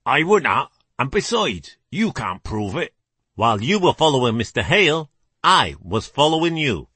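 A man's voice: medium pitch, very animated, normal speed, pushed and bright, husky, no echo, voice pushed up, exaggerated voice. A man doing a dry, precise British detective. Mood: cool, assured. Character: composed older male actor playing the great detective.

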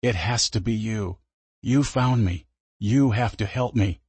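Storybook role: a man playing a desperate little stranger, breathy, hushed and slow. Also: no room sound. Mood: urgent. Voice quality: low, breathy voice.

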